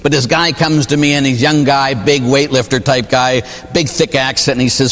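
A Catholic priest giving an emphatic, animated sermon, jumping to sudden high exclamations. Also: male voice, normal speed, in a large hall, faint music behind.

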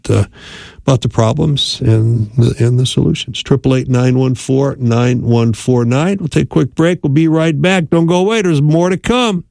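A man hosting a radio advice show as a marriage and family therapist, calmly counseling listeners and often checking in with "right?". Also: mid-range voice, gravelly, no room sound, clean studio sound. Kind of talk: advice call-in radio talk.

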